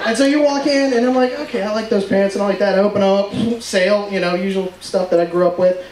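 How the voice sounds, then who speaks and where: A man doing a stand-up comedy set on stage, joking loudly and slipping into put-on voices. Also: high voice, steady tone, fast talker. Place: comedy club stage with audience. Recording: echoey room, far mic, crowd laughter.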